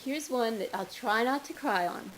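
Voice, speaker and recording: An older woman reading her own poems at a bookstore, slow and measured, with chatty asides between poems. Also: a little high, animated, a little hiss or hum, rough recording.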